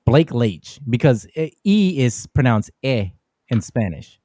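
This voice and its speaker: Podcast co-host, male, mid-pitch, wry and chatty, dry close mic. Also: very animated, a little slow, warm tone, no echo. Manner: reads listener comments aloud, chatty and wry. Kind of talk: casual podcast chat.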